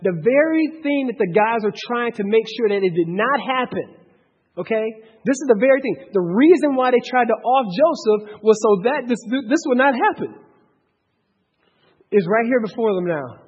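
A man with a very high, husky voice teaches scripture to a group, talking in an animated way with many restarts and questions. He is recorded in a dull, echoing hall with long reverb. Low-fidelity sound. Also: normal speed. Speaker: bible study teacher. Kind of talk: bible study teaching.

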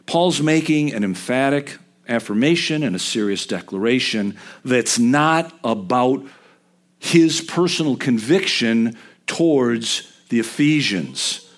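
A middle-aged man preaching a sermon in a conversational way, stressing words emphatically and rising in pitch to make a point. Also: lively intonation, slow. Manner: emphatic, conversational with sudden rises.

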